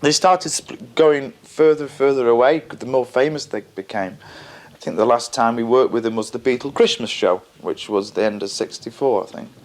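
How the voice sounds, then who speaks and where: A man's voice: mid-range voice, normal speed. Older man, interviewee, stop-start rambling, chuckles, repeats words. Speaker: interviewee, band member. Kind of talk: casual reminiscing.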